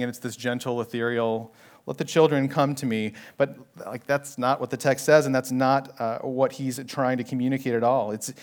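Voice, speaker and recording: A male pastor preaching an expository sermon in an earnest, conversational way, with casual asides to the congregation. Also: medium pitch.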